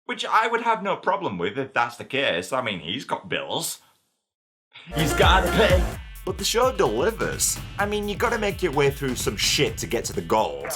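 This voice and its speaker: A man's voice: mid-range voice, wildly swooping pitch, moderate pace, few pauses, sharp tone, breathy edge, soft background music. A man narrating a comedic TV review, sardonic and profane, often poking fun at himself. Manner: sardonic, profane, self-mocking.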